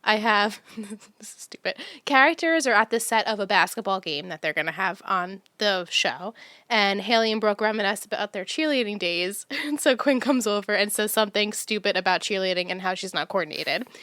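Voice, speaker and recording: Smooth-voiced woman podcast co-host. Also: mid-range voice, moderate pace, sharp tone, no echo. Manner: chatty, laughs often, reads out her own notes. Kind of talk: casual chat about a TV show.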